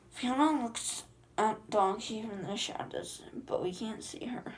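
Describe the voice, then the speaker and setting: A woman reading a film script aloud, stage directions and all, in a flat manner with slips and restarts. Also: on the high side, a little slow, a little hiss or hum. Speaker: reader.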